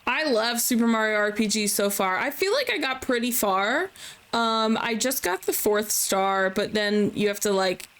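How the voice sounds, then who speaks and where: A woman's voice: medium pitch, a bit bright. A young woman chatting casually and giggling as she streams a game from home. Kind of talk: casual chat while playing a game.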